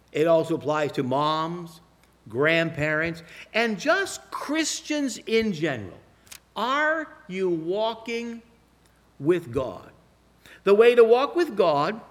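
A man preaching a sermon, telling folksy stories and slowing down to press his points. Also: high-pitched, a bit bright. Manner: folksy storytelling with slow emphatic phrasing.

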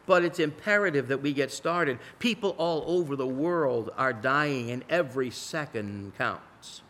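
A man voicing a grave, gently insistent elderly male doctor, speaking softly and in a measured way. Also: mid-range voice, a little hiss or hum, close to an everyday voice. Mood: grave, gentle.

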